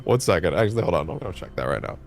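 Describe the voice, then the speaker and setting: Man, livestreamer, swearing, animated ranting, faint music underneath. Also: very fast, creaky. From Canada. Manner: animated, profane ranting with shifting pitch. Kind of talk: casual livestream chat.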